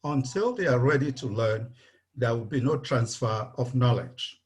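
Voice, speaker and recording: A man's voice: medium pitch, expressive, moderate pace. A man from Nigeria, speaking bluntly and emphatically on a video call and repeating his points. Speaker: webinar participant, engineer.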